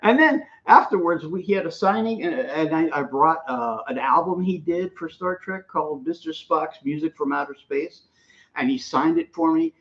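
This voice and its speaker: A man with a slightly high voice, chatting casually as a co-host. He rambles through anecdotes and laughs often. The sound is dull and lo-fi. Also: normal speed. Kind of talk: casual chat.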